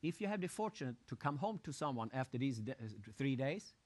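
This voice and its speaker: A man giving a live motivational seminar talk, animated, acting out crowd shouts and putting questions to his audience. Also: medium pitch, a little fast. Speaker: motivational speaker.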